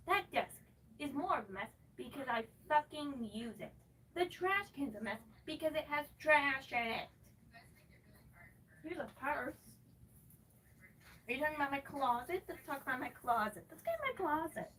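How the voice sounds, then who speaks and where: A woman's voice: high-pitched, fairly bright tone, far from the mic, a little hiss or hum. A woman live streamer ranting at her chat from her bedroom, sarcastic and swearing constantly. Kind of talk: angry rant to chat. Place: her bedroom, moving around.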